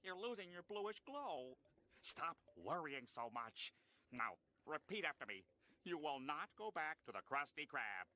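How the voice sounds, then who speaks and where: A man voicing a calm male cartoon hypnotist who speaks in a slow, coaxing way. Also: a little high, exaggerated voice. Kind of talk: cartoon voice acting.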